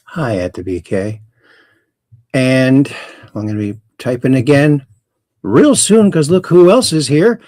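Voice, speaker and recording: A man's voice: mid-range voice, lively intonation, measured pace, long pauses, dark tone, no room sound. A middle-aged man hosting a livestream, rambling with dad jokes and reading out viewers' chat greetings. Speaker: host. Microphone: close camera mic.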